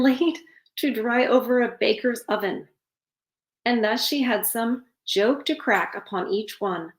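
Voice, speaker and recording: A woman reads a fairytale aloud and breaks off for sarcastic asides. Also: a little high. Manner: sarcastic asides between passages. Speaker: storyteller. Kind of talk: reading a fairytale aloud with commentary. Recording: roomy echo.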